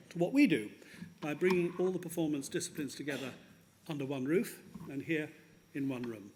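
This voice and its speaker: Higher-voiced man reading a formal citation. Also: a little hiss or hum. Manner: measured and formal, with small slips and laughs. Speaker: ceremony presenter. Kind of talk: formal citation read at a graduation. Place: ceremony hall.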